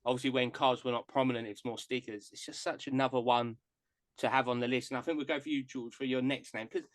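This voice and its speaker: A man's voice: medium pitch, fairly even intonation, quick pace, dry recording. A man hosting a casual podcast chat, an enthusiastic and self-deprecating fan of the players he discusses. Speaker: podcast host. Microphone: podcast mic on live stream.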